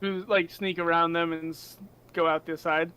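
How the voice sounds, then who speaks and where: A man's voice: a little high, flat delivery, moderate pace, bright, forceful tone, clean tone, poor audio. A young man narrating as game master in a tabletop game, in a loose, chatty way full of fillers.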